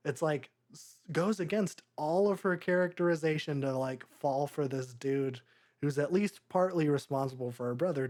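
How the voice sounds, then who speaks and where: A young man co-hosting a podcast, chatting casually about a movie, rambling and halting with lots of fillers. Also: on the high side, a little mellow. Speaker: podcast co-host. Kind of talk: casual movie review chat.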